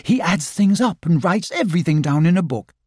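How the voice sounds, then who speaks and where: A man's voice: a little high, animated, brisk, darkish tone, breathy edge, no room sound, studio quality, voice pushed up. A man doing an earnest, organising young boy. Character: sensible young boy, the group's leader.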